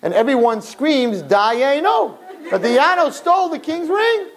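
A man voicing a puzzled male palace guard who speaks slowly and haltingly. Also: extremely high pitch, sing-song, a faint crowd, pitched above the performer's own voice.

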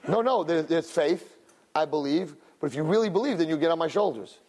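Lively, slightly high-voiced male teacher. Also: brisk. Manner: animated, with many "you know" and "right?" asides; acts out crowd voices in high, loud bursts. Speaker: Jewish religious teacher. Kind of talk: storytelling lesson.

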